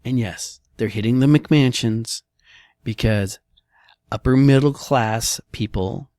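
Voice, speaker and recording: A man's voice: medium pitch, slow, darkish tone, dry recording. A man, a real estate broker giving blunt, casual commentary on housing market slides and tossing in "all right" and "okay" often.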